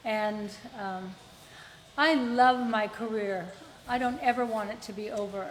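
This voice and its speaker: A woman's voice: medium pitch, measured pace. A woman hosting a casual live chat, chatty and teasing. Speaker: host, performer. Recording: reverberant room with faint noise.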